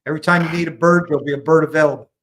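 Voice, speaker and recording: A man's voice: a little high, rapid-fire, a little hiss or hum, rough recording. An American man, a veteran and former maintenance platoon sergeant, telling war stories casually and acting out the quotes. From United States. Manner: animated storyteller who acts out quotes. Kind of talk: casual storytelling.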